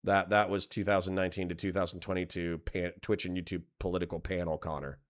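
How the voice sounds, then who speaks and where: A man's voice: low-pitched, little pitch movement, quick pace. A man streaming live, rambling and swearing while he comments and reads chat messages aloud.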